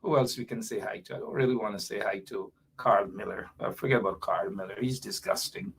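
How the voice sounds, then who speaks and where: A man hosting a live political talk show, chatty and animated with laughing asides. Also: lowish voice, fairly quick, creaky, breathy edge. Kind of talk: casual live-show chat.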